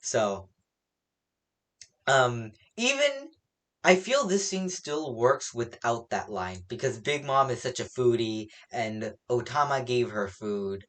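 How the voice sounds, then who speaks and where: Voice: mid-range voice, lively intonation, slow, a bit bright. Rambling comic chapter reviewer. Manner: rambling, many fillers, laughs at own slips. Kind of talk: casual spoken recap and opinion.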